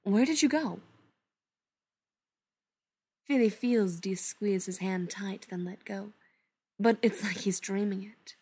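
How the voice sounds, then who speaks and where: A woman reading a story aloud, softly and unhurriedly, often dropping to a hush. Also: mid-range voice, steady tone, breathy edge. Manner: soft, unhurried, often hushed. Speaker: reader. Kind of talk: storybook narration read aloud.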